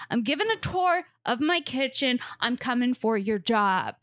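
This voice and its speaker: A woman's voice: high-pitched, animated, measured pace, few pauses, fairly bright tone, dry recording. A woman comedian rambling through a tour of her fridge, sarcastic and self-mocking, swearing freely and a little out of breath. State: slightly out of breath. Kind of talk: casual rambling monologue. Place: home kitchen.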